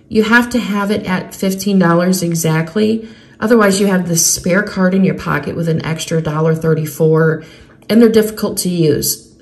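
A woman vlogger chatting casually as she goes through a shopping haul, reading out prices and rebates item by item. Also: lowish voice. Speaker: couponing vlogger.

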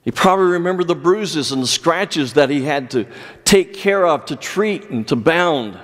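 A pastor preaching an earnest sermon, with measured delivery and dramatic pauses. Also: male voice, on the high side, expressive. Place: church sanctuary. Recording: long church reverb.

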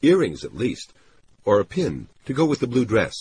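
A man's voice: mid-range voice, wildly swooping pitch, moderate pace, darkish tone, slight background noise, pitched above the performer's own voice. A man reading an audiobook, voicing an anxious, eager young woman in a raised voice, breathless and pleading.

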